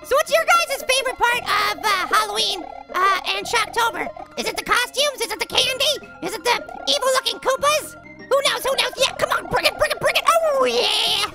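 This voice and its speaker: A man voicing a tiny, cocky boy apple in a cartoon gaming video, trash-talking in a squeaky, gravelly high voice with slangy rhymes. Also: lively intonation, normal speed, full character voice. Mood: playful. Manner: brash, jokey trash talk with slangy rhymes. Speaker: game-playing cartoon character. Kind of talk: let's-play commentary in character. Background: game music.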